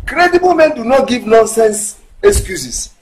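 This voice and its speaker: A man's voice: extremely high pitch, very animated, measured pace, heavily acted, low-quality recording. An actor with a Nigerian accent playing a meddling bar patron who lectures and insults another man. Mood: lecturing. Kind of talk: Nollywood film acting.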